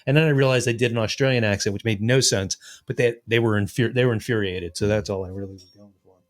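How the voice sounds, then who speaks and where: A man's voice: lowish voice, quick pace. A man co-hosting a podcast, blunt and swearing freely in casual chat. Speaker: podcast co-host.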